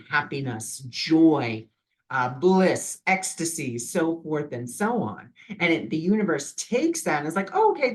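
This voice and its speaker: A man in his own vlog, talking casually and earnestly about imagination, with loose phrasing and many fillers. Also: on the high side. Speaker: vlogger sharing spiritual advice. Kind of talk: casual reflective vlog talk.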